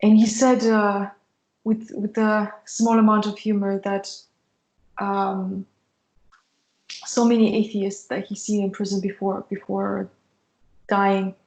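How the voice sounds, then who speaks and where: Woman explaining stuff, pretty flat delivery, roomy echo on the mic. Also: medium pitch, takes it slowly, pauses often. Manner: earnest, explanatory, with frequent fillers. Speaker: co-host of a Christian mentorship show. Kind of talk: casual discussion.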